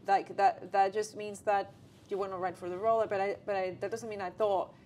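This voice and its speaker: A woman chats as a guest about her acting work. She talks in an animated, restless way, starting sentences over and over. A faint low rumble hums behind her. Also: a little fast. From Latin America. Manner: animated, many restarts and "like". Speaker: guest, actress and writer. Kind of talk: casual conversation. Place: theatre.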